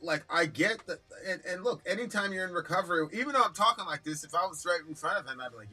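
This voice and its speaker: A man with a bright, sharp-edged voice that sits a little high, co-hosting a live stream. He talks bluntly and swears freely, acting out the voices in his stories. Faint music plays underneath. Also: quick pace, hardly any pauses. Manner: blunt, profane, animated storytelling. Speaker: co-host of a live reaction stream. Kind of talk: casual heated discussion.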